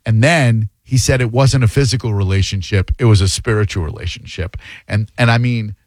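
A man's voice: lowish voice, fairly quick, darkish tone, dry recording, studio quality. A man hosting a radio show, telling a self-mocking, joking story in a casual on-air chat. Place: radio studio.

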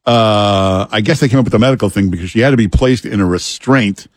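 A man hosting a talk radio show, relaxed and chatty, full of "uh" fillers. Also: on the low side, a little fast, no room sound, studio quality. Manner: relaxed, frequent "uh" fillers, chuckles. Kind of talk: casual radio banter.

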